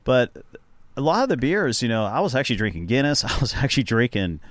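A man's voice: mid-range voice, big pitch swings, quick pace, dry recording. A man appearing as a guest on a radio show, chatting in a rambling, storytelling way. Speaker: guest and sports show host. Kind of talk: casual chat. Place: radio studio.

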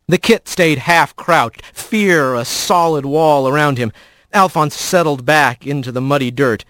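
A man narrating an audiobook in expressive storytelling style. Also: on the high side, measured pace, no echo, clean studio sound. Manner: expressive storytelling, voices the characters.

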